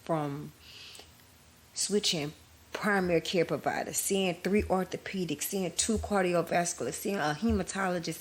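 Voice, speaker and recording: A woman's voice: lowish voice, measured pace. A woman hosting her own podcast, telling her story candidly in casual chat to her listeners. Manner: candid, conversational, addresses listeners as y'all. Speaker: podcast host.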